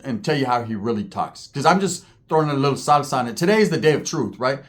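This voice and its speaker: A man's voice: medium pitch, lively intonation, fast, hardly any pauses. A man vlogging, telling comic stories in slangy, cursing talk and often asking the listener for agreement. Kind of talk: profane comic storytelling.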